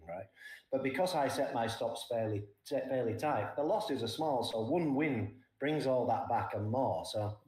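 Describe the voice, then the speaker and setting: A man's voice: medium pitch, a little mellow. Older man explaining, echoey room. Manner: explains points plainly, often tags "right?". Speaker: trading guest. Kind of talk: casual market talk.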